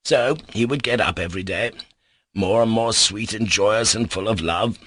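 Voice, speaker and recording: A man narrating an audiobook in a measured, slow and solemn way. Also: lowish voice, fairly bright tone, no room sound.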